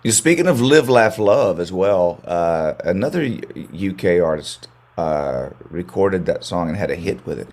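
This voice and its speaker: A man's voice: sits low, expressive, moderate pace, hardly any pauses, a little mellow. An American man, a country singer, chatting as a guest in an interview, rambling and repeating words as he restarts his sentences. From United States. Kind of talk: casual interview chat.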